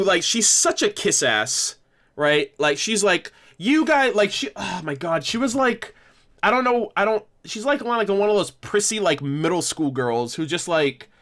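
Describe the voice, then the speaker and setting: A man's voice: sits high, a bit bright. A man hosting a casual livestream discussion, rambling with many restarts and some swearing. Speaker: livestream host.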